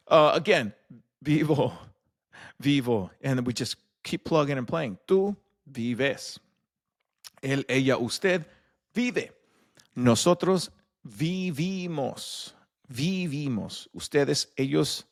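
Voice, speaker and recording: A young man hosting a casual Spanish lesson, joking loosely with many fillers and restarts. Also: mid-range voice. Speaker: Spanish teacher and host.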